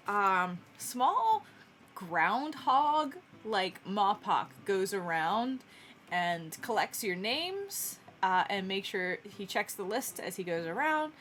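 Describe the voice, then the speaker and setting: Slow-talking woman game master. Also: medium pitch, a bit bright, a little hiss or hum. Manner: unhurried, giggly narration. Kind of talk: narrating a tabletop game.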